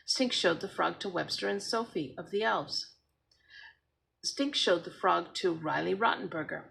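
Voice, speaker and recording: A woman's voice: lowish voice, a little slow, gravelly, fairly bright tone, low-quality recording. A woman expressively reading a children's book aloud as a storyteller. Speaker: storybook reader.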